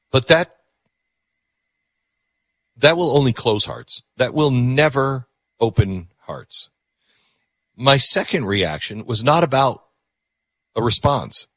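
A man's voice: medium pitch, expressive, takes it slowly, long pauses, a bit bright, no room sound, clean studio sound. A man hosting a call-in radio show, talking earnestly and reflectively, often repeating words as he thinks aloud. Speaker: radio talk show host.

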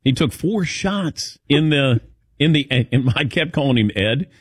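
Animated man telling stories on air. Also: medium pitch, a little slow, slightly rough, no echo, clean studio sound. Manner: animated anecdotes, quotes others in voices. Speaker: radio show host. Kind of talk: casual storytelling chat.

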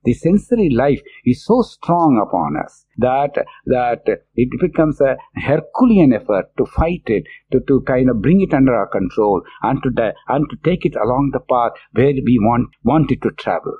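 A man's voice: mid-range voice, expressive, normal speed, hardly any pauses, breathy edge. A man, giving an emphatic scripture discourse, explaining verses and repeating his points. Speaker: religious teacher. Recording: tinny phone-like lo-fi recording.

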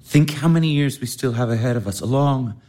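A man's voice: mid-range voice, brisk, warm tone, close to an everyday voice. A man playing an ardent young baron. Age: young adult. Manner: earnest and ardent. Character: earnest young baron in love. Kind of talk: stage-play radio acting.

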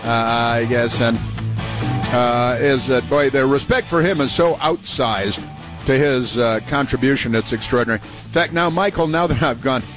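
A man hosting a talk radio show, sarcastic and mocking, talking in halting bursts with many fillers and restarts. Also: mid-range voice, over music. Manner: sarcastic, mocking, interjects over clips. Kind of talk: opinionated talk radio commentary.

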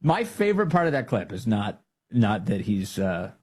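A man hosting a podcast, giving casual political commentary in a mocking, animated way and laughing often. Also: lowish voice, normal speed, background noise. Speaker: podcast and show host.

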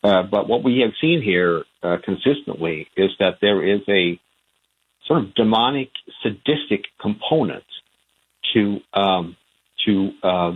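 A Swedish-born man, a guest on a radio show, answering slowly with many pauses and fillers. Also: fairly low pitch, husky. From Sweden. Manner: hesitant, many ums and uhs. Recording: tinny phone line.

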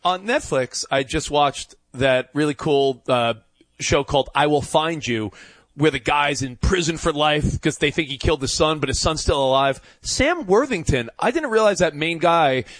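A male sports radio co-host tells a story in casual chat, teasing and stumbling over restarts. His voice is a touch high and animated, recorded dry on a close studio mic. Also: moderate pace, no room sound.

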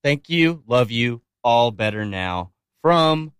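A man at a radio station's studio microphone, hosting a music show in easygoing patter. He is loose and joking, and he breaks off for quick asides. The sound is dry and close, with his voice at a middling pitch. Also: lively intonation, fairly bright tone, clear, resonant tone, dry recording.

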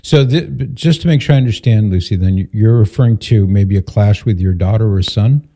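Calm, low-voiced male radio host. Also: a little fast. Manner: calm, steering, asks summarizing questions. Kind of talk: advice call-in radio talk.

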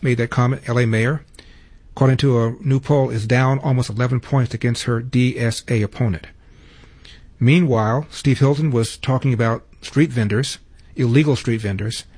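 Brash male radio host, slightly husky, dry close-mic studio read. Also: mid-range voice, darkish tone, no room sound. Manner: brash, punchy delivery. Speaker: radio talk show host. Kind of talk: talk radio monologue.

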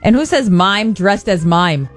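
A female co-host with a mid-pitched, conversational voice. She reads out headlines and then slides into playful chat with her partner. Faint music plays behind her. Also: animated, unhurried. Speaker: radio show co-host. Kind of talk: casual news banter.

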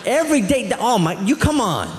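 A man doing a live stand-up routine, telling stories with an animated, exasperated delivery. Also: very high-pitched, fairly quick. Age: adult. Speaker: stand-up comedian. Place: comedy club stage. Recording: reverberant hall, faint audience.

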